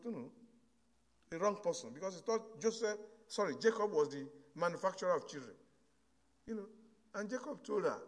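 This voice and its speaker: A man preaching a sermon, telling a story and swinging from hushed asides to loud exhortation. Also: high-pitched, long reverb tail.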